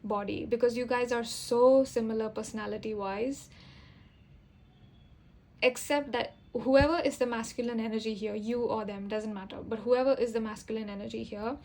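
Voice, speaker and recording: A woman's voice: on the high side, steady tone, normal speed, a little mellow, rough recording. A young woman giving a casual tarot reading to camera, chatty and rambling, with fillers and self-corrections. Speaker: tarot reader.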